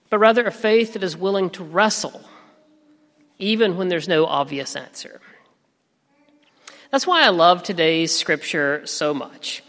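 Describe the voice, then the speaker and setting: A man in his thirties preaching a sermon as pastor, telling a family story in a gentle, reflective way. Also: high-pitched. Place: church sanctuary. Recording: reverberant sanctuary.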